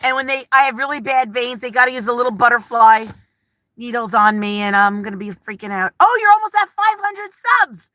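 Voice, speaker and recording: Woman, livestream vlogger, rambling chatty talk, fairly high voice, sharp bright tone, dry close sound. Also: animated, brisk, no room sound. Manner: rambling, chatty, reads viewer comments aloud; openly nervous and emotional. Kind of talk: casual live-chat talk.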